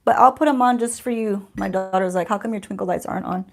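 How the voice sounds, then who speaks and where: A woman's voice: mid-range voice, quick pace, darkish tone. A woman in her forties with a drawl chats through a home livestream for her beauty channel. Her talk is loose and sarcastic, and she laughs easily, as if among friends. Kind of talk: casual livestream chat.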